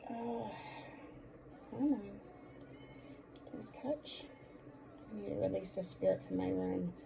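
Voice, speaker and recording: A woman reading tarot cards in a relaxed, chatty way, speaking to a spirit between her own soft asides. Her voice sits in a middle range, and a faint noise stays in the background. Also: mid-range voice, gravelly. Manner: talks aloud to a spirit, sighs and pauses, soft asides. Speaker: tarot card reader. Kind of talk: casual spoken tarot reading.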